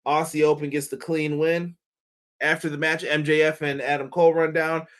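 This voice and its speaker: A man's voice: on the high side, level tone, moderate pace, a bit bright. A man hosting a casual wrestling review show, talking loosely with laughs, curses and mock voices. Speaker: wrestling podcast host.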